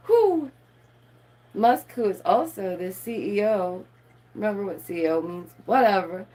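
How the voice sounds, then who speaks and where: A woman's voice: mid-range voice, lively intonation, unhurried, mellow. A woman, live streaming and reading news aloud with playful, sarcastic asides to her viewers. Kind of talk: casual live-stream commentary.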